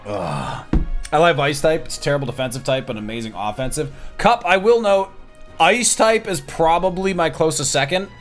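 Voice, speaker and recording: A man's voice: on the high side, expressive, normal speed, soft background music. Chatty man streaming a game. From Wisconsin. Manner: chatty, self-deprecating, thinking aloud. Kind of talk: casual gameplay commentary.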